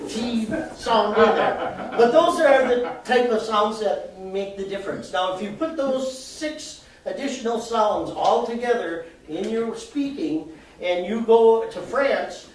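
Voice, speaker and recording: A man's voice: sits high, animated, unhurried. A man from Minnesota giving a chatty live talk to an audience, explaining with examples and laughing at himself. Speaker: presenter. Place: arts center event room, indoors. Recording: echoey hall, voice from far off, faint noise.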